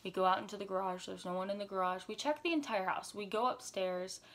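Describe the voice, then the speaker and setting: A young adult woman vlogger retelling a story, with lots of fillers, in a lively chatty way. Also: mid-range voice, fast talker. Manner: animated retelling, frequent "like" fillers. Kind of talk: story time vlog.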